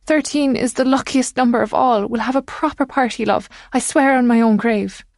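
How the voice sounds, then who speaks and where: A woman reading an audiobook voices a tender, pleading mother making a promise to her daughter. Her fairly high voice, at a moderate pace, is pitched above her own natural voice yet stays close to an everyday voice. The recording is clean studio sound with no echo.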